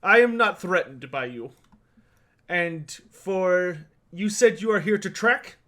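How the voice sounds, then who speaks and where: A man's voice: high-pitched, expressive, slow pace, fairly bright tone, heavily acted. A man voicing an arrogant, boastful young human knight who speaks in a haughty, commanding way.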